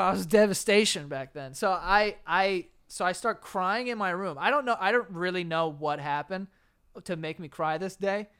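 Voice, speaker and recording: A young man with a high, smooth voice rambles through a story for a casual podcast. He trips over his words, restarts often and swears freely. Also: a bit bright. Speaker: podcast co-host.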